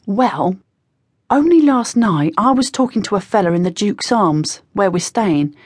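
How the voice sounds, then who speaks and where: A woman's voice: mid-range voice, lively intonation, measured pace, husky, no room sound, studio quality. A woman voicing a cocky, slangy teenage boy spy who talks in a breezy, conspiratorial way. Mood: sly. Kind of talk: audiobook character voice.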